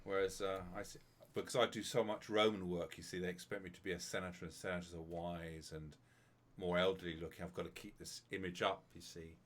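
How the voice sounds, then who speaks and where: A man's voice: low voice, level tone, brisk. A middle-aged man, chatting as a guest on a live stream with dry, self-deprecating humor. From England. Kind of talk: casual live-stream chat.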